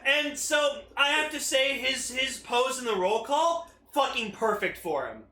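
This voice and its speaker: A man co-hosting a casual chat, excitable and laughing often, swearing freely. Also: very high voice, a little slow, roomy sound, slight background noise. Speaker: podcast co-host.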